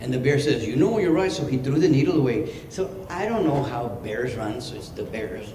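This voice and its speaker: A man's voice: medium pitch, lively intonation, fairly quick. A man, a boisterous entertainer telling a joke and laughing at it. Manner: boisterous, laughs at own jokes. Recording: echoey hall with loud background noise.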